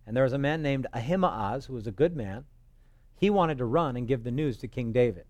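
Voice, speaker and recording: A man's voice: mid-range voice, expressive, brisk, a little mellow, no echo. A man preaching a sermon as pastor, telling stories in a loose conversational way with joking asides. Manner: acts out quoted voices. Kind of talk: expository sermon.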